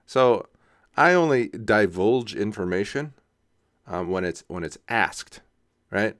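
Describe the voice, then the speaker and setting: Young man, solo podcast host, rambling and self-mocking, laughs often, smooth voice, dry close sound. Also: on the low side, lively intonation, slow pace, a bit bright, no echo. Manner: casual, self-mocking, laughs often, says "right?" a lot.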